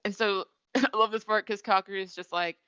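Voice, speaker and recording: Woman host recapping a show, smooth clear voice, dry dull lo-fi sound. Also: medium pitch, steady tone, brisk, pushed and bright, dry recording. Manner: chatty storytelling with many fillers. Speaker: podcast host. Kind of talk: casual episode recap chat.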